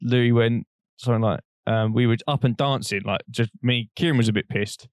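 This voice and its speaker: A man's voice: mid-range voice, fairly quick, no echo. Rambling young Englishman with a dry sound. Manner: rambling, animated anecdotes with frequent laughter. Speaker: podcast co-host. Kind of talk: casual storytelling chat.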